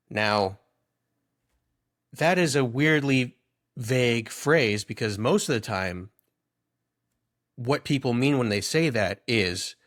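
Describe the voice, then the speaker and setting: A man's voice: lowish voice, measured pace, fairly bright tone. A young man co-hosting a podcast in casual comedic chat, teasing his friend and rambling into jokey asides. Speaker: podcast co-host.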